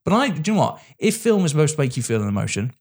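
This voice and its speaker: A man co-hosting a casual film review chat, blunt and animated, swearing freely. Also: a little high, racing. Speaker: podcast co-host.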